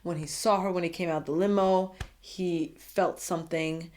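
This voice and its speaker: A woman with a slightly low voice talks through a reality-show recap in a casual way. She gushes and turns dramatic, speaking straight to her viewers. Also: steady tone, normal speed, a little mellow.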